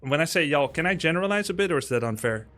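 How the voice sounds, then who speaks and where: A man's voice: a little high, expressive, fast, bright, forceful tone. A man with a Dutch accent, talking at length and laughing as a guest in a casual interview. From Netherlands. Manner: talkative, laughing, explanatory. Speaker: guest, streamer.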